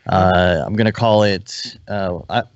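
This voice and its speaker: A man co-hosting a casual live podcast, talking in a relaxed, rambling way that often stops and restarts. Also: sits low, measured pace, no echo. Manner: relaxed, rambling, self-interrupting. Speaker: podcast co-host. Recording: dry, dull lo-fi online call audio.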